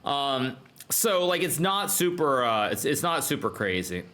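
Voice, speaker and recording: Man, streamer reaction chat, bright tone, lively swooping pitch, excitable, self-repeating. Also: unhurried. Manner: excitable, repeats himself, stumbling restarts. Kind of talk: casual chat.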